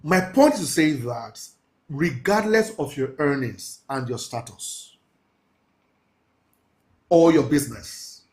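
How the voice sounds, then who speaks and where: A man teaching a mentorship class, talking in a preachy, emphatic way, slowing down to stress key phrases and laughing with his students. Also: on the high side, expressive. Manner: laughs often, casual asides to the class. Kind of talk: live class lecture.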